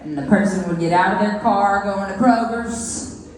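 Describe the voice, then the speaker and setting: A woman in her thirties tells chatty stand-up stories and talks straight to the crowd. Her voice sits at an ordinary middle pitch. It carries through a very echoey club with a long reverb tail. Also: moderate pace, music in the background. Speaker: stand-up comedian. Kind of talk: stand-up comedy storytelling. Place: comedy club stage.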